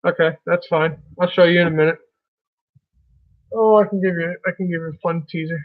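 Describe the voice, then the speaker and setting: A man's voice: fairly high pitch, steady tone, fairly quick, phone-quality sound. A man hosting a casual live stream, chatting in a folksy way and greeting viewers by name.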